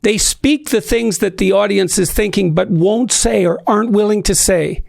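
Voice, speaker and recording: High, gravelly-voiced male interviewer. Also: a little mellow, no room sound. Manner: measured, halting, with frequent restarts. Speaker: interviewer, psychology professor. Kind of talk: thoughtful interview conversation.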